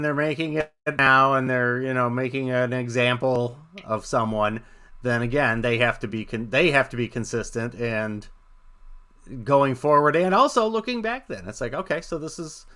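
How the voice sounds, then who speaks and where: Male talk-show co-host, supportive, earnest, bright edge to the voice. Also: mid-range voice. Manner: earnest, supportive, restates points, many fillers. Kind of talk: casual talk-show chat.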